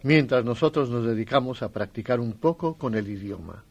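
A man hosting a language lesson, explaining clearly and instructively. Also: medium pitch, expressive, fast, highs cut off, over loud music. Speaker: host.

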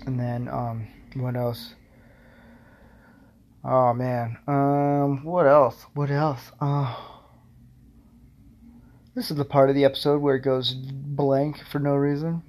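A young man talks on his own podcast in loose, meandering chat. He stacks fillers and pokes fun at himself. His voice sits at an ordinary middle pitch. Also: flat delivery, slow pace, long pauses, a little mellow. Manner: rambling, filler-heavy, self-deprecating. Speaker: podcast host. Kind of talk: casual solo podcast rambling.

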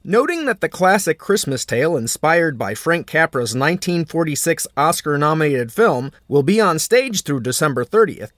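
A man hosting a podcast, reading scripted narration in a measured, lilting way. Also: fairly high pitch, fairly bright tone, no room sound. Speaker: podcast host. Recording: dry studio sound with faint music.

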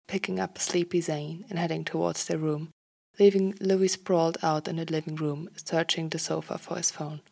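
Gravelly-voiced woman reading a story. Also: low-pitched, fairly even intonation, normal speed, darkish tone. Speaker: fan fiction reader.

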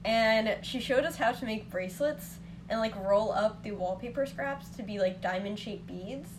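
A young woman recalling childhood crafts in relaxed casual chat, full of filler words. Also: mid-range voice, normal speed, background noise. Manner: easygoing, filler-heavy storytelling.

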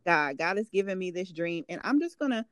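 A woman's voice: fairly low pitch, expressive, fairly quick, no echo. A woman hosting a faith podcast, affirming and encouraging her guest in casual talk. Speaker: podcast host.

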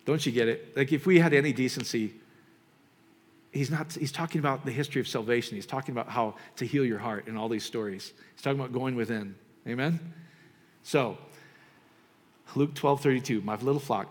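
Preacher, male, mid-pitched voice, animated then prayerful, long hall reverb. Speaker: pastor. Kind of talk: sermon.

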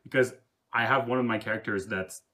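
A man who runs tabletop games, talking casually in a halting way with restarts and soft laughs. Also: fairly low pitch. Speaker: game master. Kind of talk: casual podcast chat.

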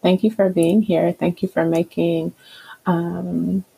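A woman host speaks with a gravelly, deeply husky voice that has a dark, mellow color. Her manner is gentle and appreciative as she wraps up the chat with her guest. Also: little pitch movement, slow pace, poor audio. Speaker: podcast host. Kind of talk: casual interview chat.

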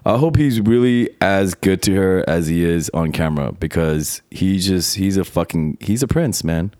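A lower-pitched American man chatting on a podcast with a crude, heated, swear-heavy rant. The sound is dry and close. He talks casually and profanely. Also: lively intonation, normal speed, warm tone, no echo.

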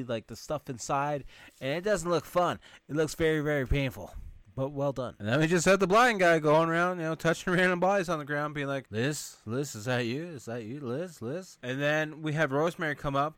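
A man's voice: medium pitch, a bit bright, clean tone, dry recording. A young man hosting a podcast, casually retelling a horror film scene by scene and sometimes mimicking the characters. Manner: retells scenes, quoting characters in brief exaggerated voices; laughs here and there, sarcastic asides. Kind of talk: casual movie recap.

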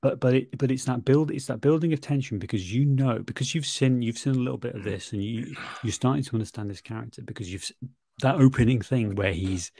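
A man's voice: mid-range voice, fast, vocal fry, mellow, no room sound. A man reflecting on a film in casual chat, thoughtful, often restarting, and sweary.

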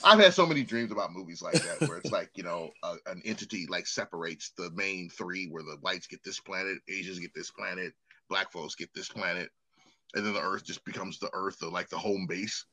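A man's voice: deep voice, fairly quick, sharp tone. A man co-hosting a casual chat, ranting in a profane way and often restarting his sentences.

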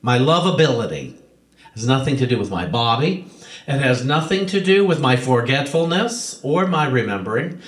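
A man's voice: medium pitch, sing-song, normal speed. A male preacher retelling a parable in a sermon, with emphatic repetition. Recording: roomy echo.

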